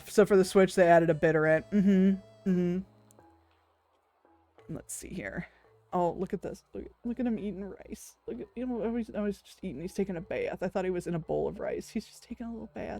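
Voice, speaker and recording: A woman's voice: lowish voice, lively intonation, fairly quick, a little mellow, soft background music. A woman, chatting casually with her stream viewers, laughing often, swearing freely and cooing over cute things.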